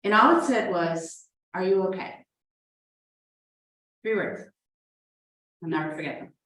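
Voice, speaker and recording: A woman's voice: medium pitch, lively intonation, measured pace, a bit bright, distant mic. A woman from New Hampshire, giving an earnest conference talk as a librarian, telling stories with playful asides. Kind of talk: prepared conference presentation. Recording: roomy, echoey from off the mic.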